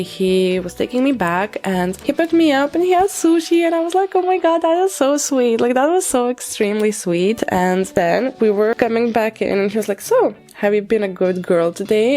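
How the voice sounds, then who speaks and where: A young adult woman vlogging casually to camera, talking in an excitable, rambling, gushing way. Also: mid-range voice. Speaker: plant vlogger.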